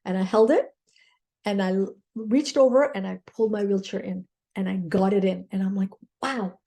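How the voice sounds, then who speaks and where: A woman's voice: medium pitch, fairly even intonation, moderate pace, vocal fry, mellow. A woman mindset coach telling a personal story in an earnest, grateful way, often checking in with her listeners with "okay?".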